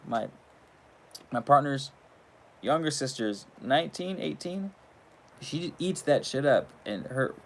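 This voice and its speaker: A man hosting his channel in a casual, rambling monologue, swearing freely and laughing between thoughts. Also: medium pitch. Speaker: channel host.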